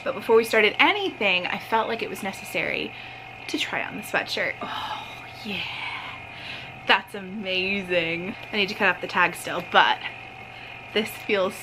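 A woman's voice: mid-range voice, measured pace, background noise. A young woman from Ohio chatting bubbly and casually as she shows her shopping haul and crafts in her vlog. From Ohio, USA. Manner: chatty and bubbly, often laughing. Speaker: vlogger.

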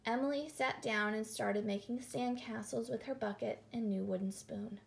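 A woman calmly reading a children's picture book aloud. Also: a little high, moderate pace, gravelly, a little hiss or hum. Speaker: storyteller.

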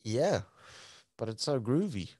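A man guesting on a podcast, his voice rising and falling with lots of life as he chats. He fires back quick reactions, and the recording is dry and close-miked. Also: mid-range voice, dry recording. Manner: lively, laughs often, quick reactions. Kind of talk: casual chat.

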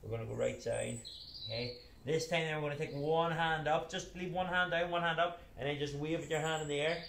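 A man's voice: on the high side, fairly even intonation, brisk, vocal fry, a bit bright, roomy sound. A man leading a live children's PE class, giving playful step-by-step exercise cues. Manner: upbeat, playful, step-by-step cueing. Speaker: children's PE coach. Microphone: camera set back across the room.

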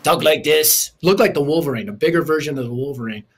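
A man who is a preacher and author, telling his life story as a guest in an interview in a lively, punchy way with touches of humor. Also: on the high side, fast talker, a little hiss or hum.

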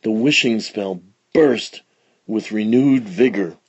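A man reading a children's storybook aloud with expressive, dramatic storytelling. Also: lowish voice, slow, slightly rough, no room sound, lo-fi sound. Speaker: storybook reader. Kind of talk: children's read-along narration.

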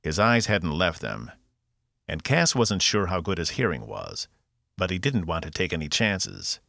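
A man narrating his own science fiction audiobook, expressive and voicing every character. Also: sits low, measured pace, creaky, no echo, studio quality. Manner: expressive, voices all characters. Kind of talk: scripted narration.

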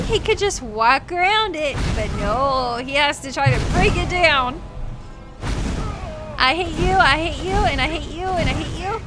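A young woman streaming a video game live, reacting excitably with shouts, groans and laughter as she plays. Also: sits high, a little slow, music in the background. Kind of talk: live gameplay commentary.

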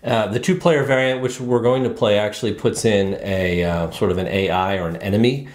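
Low-voiced man explaining a board game. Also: fairly quick, reverberant. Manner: relaxed, rambling with many fillers and restarts. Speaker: board game channel host. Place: indoors at a game table.

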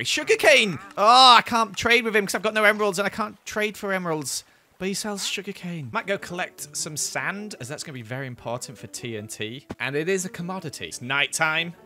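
An excitable young man commenting on his own gameplay, his voice bright and pushing forward. His pitch swings widely as he reacts, and he keeps a steady chatty stream going. Faint music plays behind him. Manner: excitable, chatty, quick to exclaim. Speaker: gaming video host.

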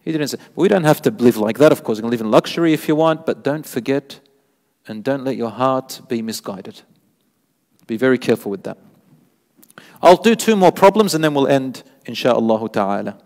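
A man giving a sermon in a mosque, telling stories with lively rising emphasis and quoting Arabic scripture. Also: medium pitch, moderate pace. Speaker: sheikh giving a mosque lecture. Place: mosque lecture hall. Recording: long hall reverb.

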